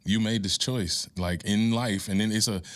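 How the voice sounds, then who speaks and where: A man with a low, deep voice speaks as a podcast guest. His advice is candid and earnest, and it builds toward impassioned, sermon-like conviction. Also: steady tone, moderate pace.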